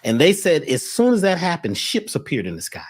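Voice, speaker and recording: A man speaking as a guest in an animated spiritual talk, telling stories and acting out the people he quotes. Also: fairly high pitch, brisk, slightly rough.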